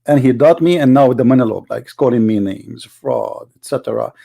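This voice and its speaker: A man's voice: mid-range voice, brisk, creaky, warm tone, husky. A man on a livestream, commenting on a debate clip with mocking, argumentative rebuttals.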